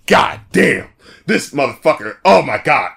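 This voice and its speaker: A man's voice: mid-range voice, very animated, unhurried, gravelly, fairly bright tone. A man co-hosting an album review podcast, talking casually and animatedly, cursing freely and laughing often. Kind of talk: casual chat.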